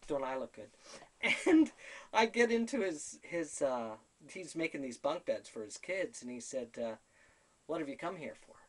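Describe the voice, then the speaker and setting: Man recounting a story with animated delivery. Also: on the high side. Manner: animated, quotes conversations in his own voice. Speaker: spiritual storyteller. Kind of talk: personal story told to camera.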